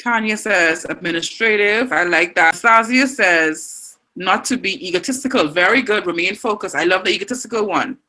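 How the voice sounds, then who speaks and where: A woman's voice: medium pitch, normal speed, few pauses, pushed and bright, rough recording. Encouraging Bahamian woman teaching online. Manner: encouraging, reads out student answers. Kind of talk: online class lesson.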